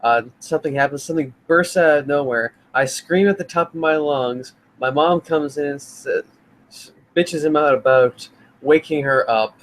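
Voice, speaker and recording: A man's voice: fairly high pitch, moderate pace, slight background noise, poor audio. A man co-hosting a podcast, chatting casually and questioning his friend's story. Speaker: podcast co-host. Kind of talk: casual chat.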